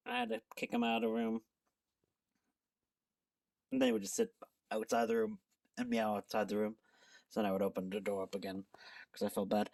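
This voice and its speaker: A woman's voice: a bass voice, animated, fast talker, pauses often, a little mellow, far from the mic. A woman chatting casually in a home vlog, rambling and poking fun at herself. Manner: chatty, self-deprecating, rambling. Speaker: book vlogger. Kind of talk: casual chat.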